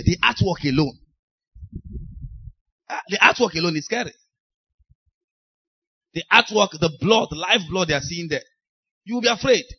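A man preaching a sermon, telling deliverance stories with laughs and sudden shouted lines. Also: on the high side. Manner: animated storytelling, laughing, shouting bursts. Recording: dull lo-fi recording.

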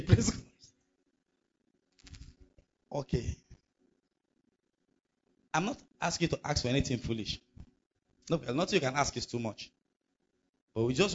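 A man's voice: mid-range voice, muffled recording, a little hiss or hum. A male pastor, preaching a sermon emphatically and asking the congregation rhetorical questions.

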